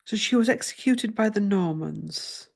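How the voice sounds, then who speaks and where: Muttering and swearing under her breath, a flustered woman who runs a tarot channel walks through her research in casual conversation. Her mid-range voice is unhurried, creaky, and darkish.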